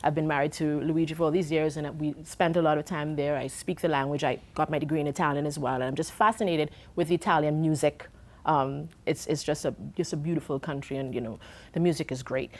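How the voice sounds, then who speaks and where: A singer from Trinidad talks. Her voice sits low, and she laughs often as she tells her stories. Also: fairly even intonation, brisk. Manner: warm, chatty, laughs often. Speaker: singer and guest. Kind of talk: interview.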